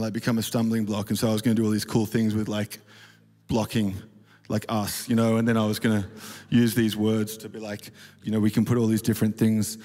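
A mellow, fairly low male voice carries this worship leader's casual conference talk from a large auditorium stage. He rambles, uses plenty of fillers, and makes self-deprecating asides, all heard in a reverberant hall with faint ambience.

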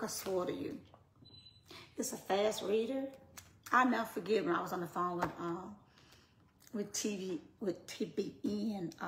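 A woman ministry leader talking casually to her followers, swinging between hushed, whispery asides and loud, laughing outbursts. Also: mid-range voice. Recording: roomy with faint noise.

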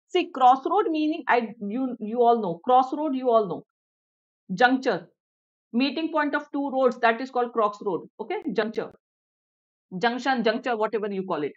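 A woman's voice: fairly high pitch, muffled recording. A woman with an Indian English accent teaching an online vocabulary lesson, repeating each definition, explaining in Hindi and checking in with viewers. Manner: switches to Hindi to explain, asks "clear everyone?".

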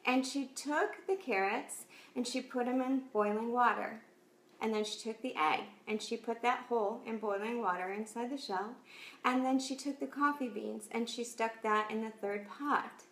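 A woman's voice: a little high, moderate pace, a bit bright. A woman hosting a faith talk show, earnestly encouraging her listeners, retelling a parable and closing with a prayer. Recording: echoey room.

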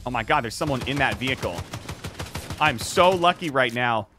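A man giving excitable, reactive live commentary on his own gameplay, swearing freely. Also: mid-range voice, moderate pace, noisy background. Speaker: gaming YouTuber. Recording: game gunfire in the background. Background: video game gunfire and clicks.

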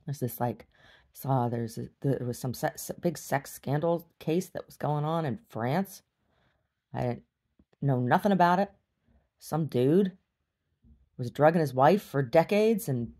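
A middle-aged woman with a notably low, deep voice talks straight to her camera in a personal video diary. She sounds worn out and resigned, and speaks bluntly with plenty of cursing. Dry little laughs break up her talk. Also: dark tone. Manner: weary, blunt and profane, with wry laughs. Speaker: video diarist. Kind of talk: candid video diary monologue.

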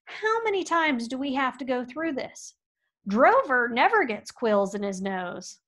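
A woman voicing a weary male rancher who scolds loudly and sounds exasperated. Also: high-pitched, very animated, unhurried, exaggerated voice.

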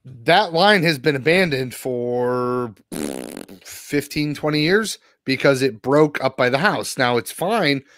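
A man's voice: mid-range voice, takes it slowly, dry recording, clean studio sound. Swearing man telling a story. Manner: swears constantly, animated retelling. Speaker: podcast co-host. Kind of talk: casual profane storytelling.

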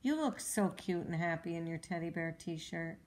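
A woman's voice: fairly low pitch, animated, normal speed, a little mellow, close to an everyday voice. A woman voicing a kind, patient mother in a storybook reading, soothing and reassuring. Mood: gentle.

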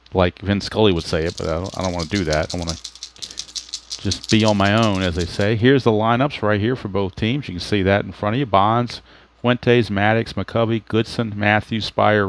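A man's voice: fairly low pitch, slight background noise. A man narrating play-by-play for a tabletop baseball replay, steadily explaining ratings and dice rolls as he goes. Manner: steady explanatory play-by-play, thinks aloud about rules. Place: home setup at a computer.

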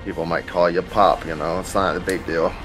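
A young man live streaming a game, joking around and bursting into hype shouts. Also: deep voice, fairly even intonation, a little fast. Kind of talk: casual live gaming commentary. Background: game sounds and music.

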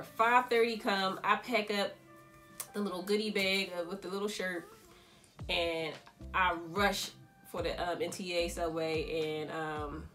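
A young woman, a fashion designer telling a story in a casual, animated vlog. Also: fairly low pitch. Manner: animated, chatty storytelling full of quoted asides.

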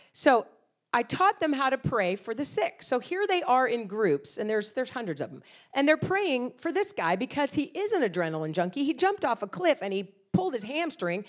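Lively, animated woman preacher. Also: a little high. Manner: animated storytelling with acted-out quotes. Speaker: guest speaker. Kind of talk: sermon.

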